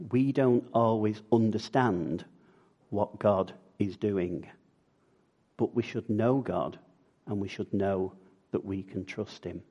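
Low-voiced male preacher asking questions. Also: slow, mellow, breathy edge. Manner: conversational, asks the congregation questions. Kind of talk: sermon.

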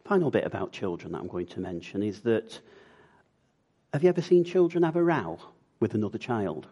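A man's voice: lowish voice, big pitch swings, fairly quick, mellow, breathy edge, muffled recording. A man preaching a sermon in a conversational way, often putting questions to the congregation.

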